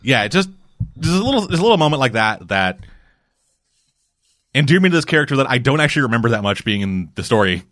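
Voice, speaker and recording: A man's voice: medium pitch, very animated, fast, long pauses, a bit bright, no echo, studio quality. A man co-hosting a podcast in casual chat, loose and rambling, peppered with swearing and fillers. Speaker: podcast co-host.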